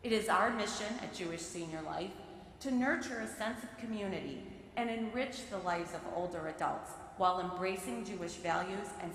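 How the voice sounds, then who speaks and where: A woman's voice: mid-range voice, fairly bright tone, a little hiss or hum. Woman preaching in an echoey sanctuary. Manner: measured, earnest reading of prepared remarks. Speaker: lay speaker giving a sermon. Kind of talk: prepared sermon delivered from the pulpit. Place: large synagogue sanctuary. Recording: very echoey sanctuary with long reverb.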